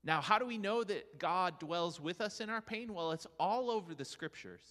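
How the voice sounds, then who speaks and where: Pastor guy preaching, high bright voice, lots of pitch swings, big echoey church hall. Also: normal speed. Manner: earnest, animated preaching with rhetorical questions. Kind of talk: sermon.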